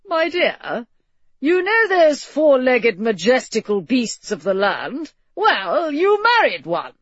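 A woman's voice: high voice, big pitch swings, slow, no echo, muffled recording, voice pushed up, exaggerated voice. Woman playing a tipsy, rambling young lord. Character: tipsy young lord, nervous new husband.

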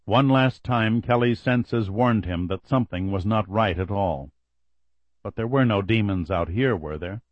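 A man reading a novel aloud in a measured, even storytelling manner. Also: on the low side, no echo, dull audio. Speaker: audiobook narrator. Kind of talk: scripted narration.

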